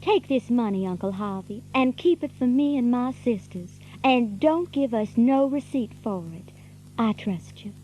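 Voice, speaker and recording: A woman's voice: on the high side, lively intonation, unhurried, warm tone, lo-fi sound, slight background noise. An earnest young woman. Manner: sincere, firm. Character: earnest, trusting young woman, eldest sister.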